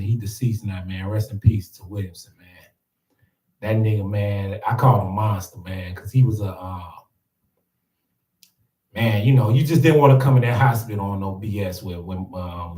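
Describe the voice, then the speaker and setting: A podcast host with a low, mellow voice spins stories in a laid-back, casual way, laughing often and frequently saying "man." He sounds distant from the mic, with a roomy echo around him.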